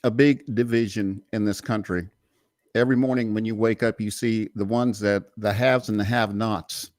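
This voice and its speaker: A man's voice: on the low side, steady tone, normal speed, a little mellow, no echo. Earnest American man, dry close sound. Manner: earnest, speechlike delivery with restarts. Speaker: podcast panelist. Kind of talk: casual political discussion.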